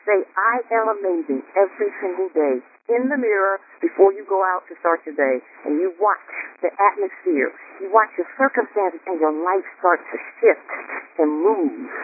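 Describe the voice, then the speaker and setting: A man hosting a call for business owners, leading call-and-response affirmations in a preacher-like way, stretching out words with emphasis. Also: sits high. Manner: emphatic, drawn-out words, exclaims praise. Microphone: phone call. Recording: tinny phone line with faint noise.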